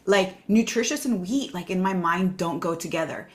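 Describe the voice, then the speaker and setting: A woman's voice: fairly low pitch, moderate pace. Reflective woman podcast host. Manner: reflective, enthusiastic questioning. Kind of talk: casual interview.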